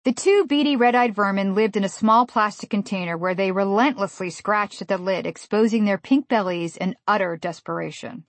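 A woman in her forties from the USA reads her own humorous memoir aloud. Her delivery is wry and deadpan, at a mid pitch. The recording is dry and close, with no room sound. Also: normal speed, few pauses, dry recording. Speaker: author narrating a memoir. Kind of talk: humorous audiobook narration.

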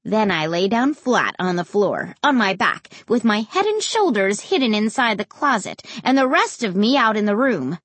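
A woman reading a first-person storybook aloud in an expressive, dramatic way. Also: medium pitch, slightly rough, no room sound. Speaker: audiobook narrator.

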